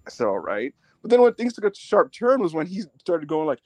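A man with a high, lively voice recaps a wild online event for his podcast co-hosts. He acts out other people's lines in quick bursts. The mic is close and dry. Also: no echo. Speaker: podcast co-host. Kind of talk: excited storytelling recap.

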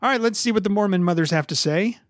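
A man's voice: high voice, fast talker, no echo, clean studio sound. A man hosting a casual movie podcast, joking and swearing as he runs the segments. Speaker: podcast host.

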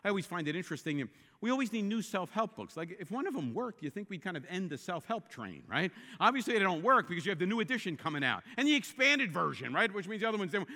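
A man delivers a sermon with a high, bright voice that swings widely in pitch. He builds to forceful, emphatic repetitions. The sound carries a long reverb, as in a large hall. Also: quick pace, hardly any pauses. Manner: animated preaching, rising to emphatic repeated exclamations. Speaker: pastor.

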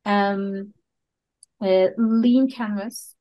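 A woman talking through her working methods as a podcast guest, at an ordinary pitch for a woman. She explains step by step, circling back with fillers and restarts and stopping now and then to hunt for the right English word. She laughs easily between points. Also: steady tone, very slow, lo-fi sound. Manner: searches for English words; laughs often while talking. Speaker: product management coach, podcast guest. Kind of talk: casual podcast interview.

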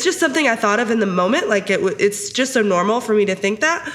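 A woman's voice: mid-range voice, expressive, fast talker, a bit bright. Giggly chatty woman podcast host. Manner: giggly, chatty, says "like" often. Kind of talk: casual podcast chat.

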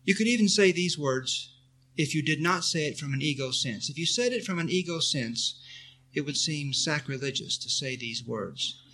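A man's voice: a little high, animated, moderate pace, pushed and bright. Earnest man giving a spiritual talk. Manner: earnest, repetitive, leads listeners in affirmations. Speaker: spiritual teacher. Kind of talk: spiritual talk answering a question.

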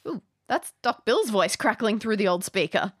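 A woman's voice: mid-range voice, expressive, moderate pace. A woman narrating an interactive adventure game as game master, playful and descriptive. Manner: playful, descriptive, laughs easily.

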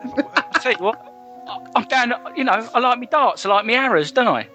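Casting: man playing a laddish elf archer, high lively voice, music behind. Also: a little fast, heavily acted. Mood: cocky. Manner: laddish, chatty, self-mocking. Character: cocky male elf archer.

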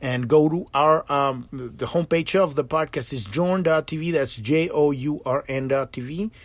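A man hosting a podcast in a casual spiritual monologue, animated and profane, acting out quotes and laughing often. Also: fairly high pitch, normal speed, no room sound. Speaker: podcast host.

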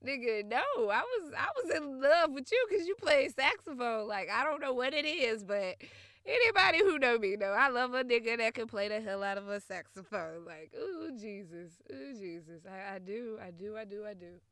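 A woman's voice: a little high, animated, normal speed, a bit bright, dry recording. A young woman ranting casually about an old flame, blunt and profane, often laughing, recorded close and dry. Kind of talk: casual storytelling rant.

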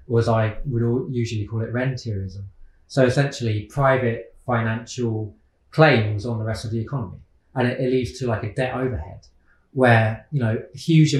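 Hesitant man in an echoey room. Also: medium pitch. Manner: hesitant, many fillers and restarts. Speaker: guest economist. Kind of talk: casual interview.

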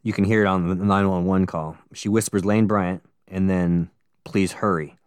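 A man with a low, smooth and resonant voice, recorded close and dry, hosts a casual true-crime podcast. He walks through the case in a relaxed way and throws in jokey, sweary asides. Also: moderate pace, dry recording. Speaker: podcast co-host.

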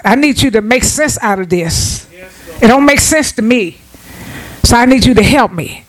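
A woman's voice: a little high, lively intonation, moderate pace, low-quality recording. A woman preacher delivering a sermon in informal vernacular speech, with frequent restarts and repeated calls of "Amen" to the congregation.

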